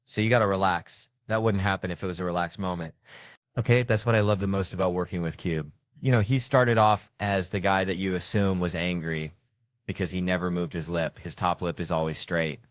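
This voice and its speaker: A man performing stand-up comedy, telling stories in an animated, profane way. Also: sits low, a little fast, dry recording, studio quality.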